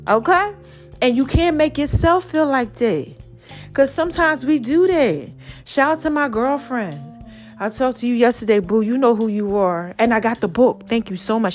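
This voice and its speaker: A tired woman hosting a podcast from Brooklyn, giving an animated, preachy motivational talk in a slangy voice that speaks straight to the listener. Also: mid-range voice. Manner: animated and preachy, with slangy direct address and sung snatches. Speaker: podcast host.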